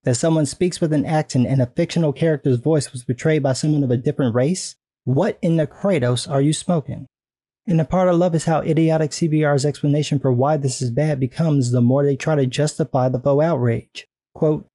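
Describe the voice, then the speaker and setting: A man's voice: on the high side, brisk, mellow, dry recording. A man delivering a sarcastic, indignant video commentary rant with frequent profanity.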